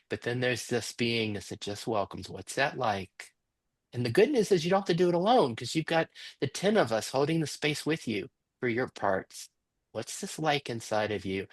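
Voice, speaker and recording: A man facilitating a workshop, guiding the group with soft, slow, questioning prompts over a video call. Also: medium pitch, lively intonation, no room sound. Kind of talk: guided reflective facilitation.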